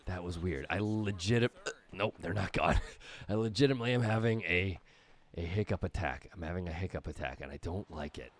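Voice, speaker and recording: A man giving live gameplay commentary while hiccuping and gasping between words, excitably cheering himself on as he plays. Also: low voice, brisk. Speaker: gaming YouTuber.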